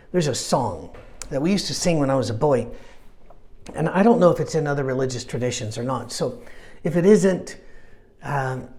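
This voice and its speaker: A man's voice: mid-range voice, darkish tone. A middle-aged man preaching a sermon in a conversational way, with self-deprecating asides. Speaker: pastor.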